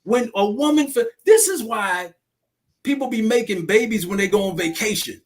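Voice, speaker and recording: A man's voice: high voice, lively intonation, normal speed. A man who runs domestic violence classes, speaking emphatically to a discussion group and often checking that listeners follow him.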